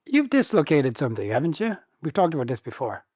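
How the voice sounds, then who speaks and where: A man's voice: a little high, wildly swooping pitch, fast, darkish tone, no room sound. A man co-hosting a podcast in casual chat, amused and often laughing as he teases his co-host with questions.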